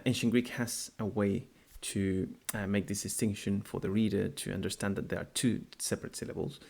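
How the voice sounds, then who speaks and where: A man teaching a language lesson, speaking unhurriedly and repeating words slowly to model their pronunciation. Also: fairly low pitch, vocal fry, a little mellow. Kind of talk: explanatory video lesson.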